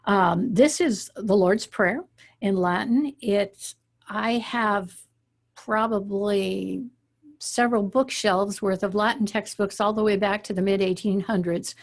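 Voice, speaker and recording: A woman's voice: medium pitch, slow. Woman teaching an online Latin class. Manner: explanatory, uses frequent fillers like okay and um.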